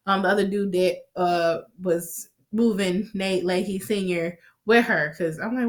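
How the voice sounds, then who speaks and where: A woman's voice: mid-range voice, fairly even intonation, measured pace, few pauses. A woman giving a casual, chatty recap of a TV episode, swearing freely and acting out the characters' lines. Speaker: TV recap vlogger.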